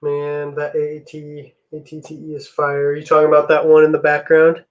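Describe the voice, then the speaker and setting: A man's voice: on the high side, moderate pace, lo-fi sound. A young man hosting a live stream, chatting casually with viewers while he builds. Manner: relaxed, chatty, answers chat messages.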